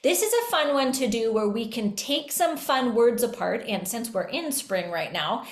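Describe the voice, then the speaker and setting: Lively woman host in a roomy echo. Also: on the high side, normal speed. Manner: lively, breaks into sung examples. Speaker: podcast host and music educator. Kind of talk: casual teaching talk.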